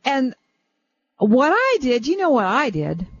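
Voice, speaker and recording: An older woman hosting a radio show, telling a family story in a chatty, animated way. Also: high voice, a little slow. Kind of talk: casual radio chat, storytelling. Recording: dull lo-fi radio sound.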